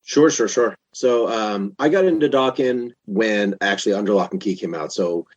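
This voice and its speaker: A man in his fifties, a podcast guest, telling a long story in a casual, animated way with lots of restarts. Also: on the low side, normal speed, no room sound, highs cut off. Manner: animated, chatty, many restarts.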